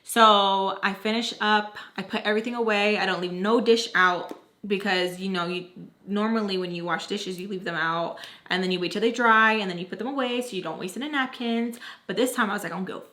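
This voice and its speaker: Fairly quick and mid-range in pitch, this young woman's voice carries an animated storytime narration for her viewers. As a vlogger sharing something personal, she uses casual slang and performs the lines of each person she quotes.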